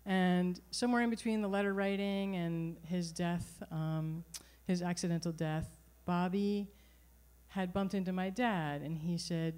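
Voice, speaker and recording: A middle-aged woman telling a personal story live at a venue, animated and wry. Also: lowish voice, unhurried. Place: performance venue.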